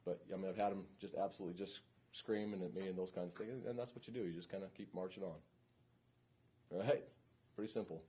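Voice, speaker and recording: A man's voice: low voice, fairly even intonation, fast, dark tone, husky. A man teaching a police training class, speaking informally and often checking in with the room.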